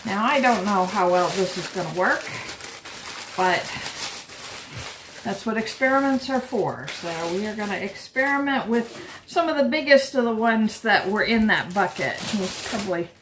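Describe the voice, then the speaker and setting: Brief: female homestead vlogger, mid pitch, casual and joking at her own expense, home kitchen feel, faint background hum. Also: animated, moderate pace. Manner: chatty and self-deprecating. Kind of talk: casual vlog narration.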